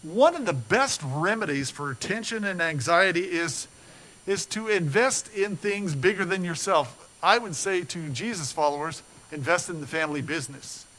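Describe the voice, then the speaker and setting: Here an older man preaches as a pastor, telling a story with earnest feeling, rising into animation and then sinking low and quiet. His pace is moderate and the audio is poor.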